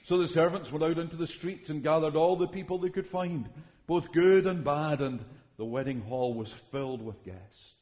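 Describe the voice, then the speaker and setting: A man reading Bible passages aloud in a measured, solemn way, pausing between phrases. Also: a little high, darkish tone. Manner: measured, solemn delivery with long pauses. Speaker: scripture reader. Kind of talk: slow, deliberate Bible reading.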